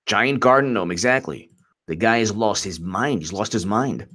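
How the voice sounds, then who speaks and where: A man's voice: on the low side, lively intonation, normal speed, bright, forceful tone. A man hosting a live-streamed political commentary show, rambling and mocking as he laughs often.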